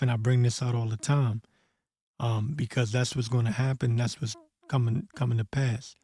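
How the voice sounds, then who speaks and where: Male host with a warm, low-toned timbre, blunt and profane in casual talk, reads verses slow and deliberate; dry, close recording. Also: fairly even intonation, dry recording. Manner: blunt and profane, peppers speech with "man"; reads scripture slowly and deliberately. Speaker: host of a prophecy commentary channel. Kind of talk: casual scripture commentary.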